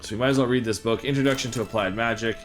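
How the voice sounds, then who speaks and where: A man's voice: medium pitch, very fast, soft background music. A man hosting a let's play, talking in a rambling, easygoing way as he plays. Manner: rambling, easygoing, reads text aloud. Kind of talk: casual gameplay commentary.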